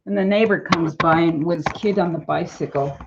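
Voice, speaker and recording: An older woman talks slowly in a lowish, gravelly voice, rambling from one thing to the next as she films around her home. She laughs easily, and the phone audio is dull and lo-fi. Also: noisy background. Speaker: vlogger. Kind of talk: casual chat. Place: at home, then out in the yard.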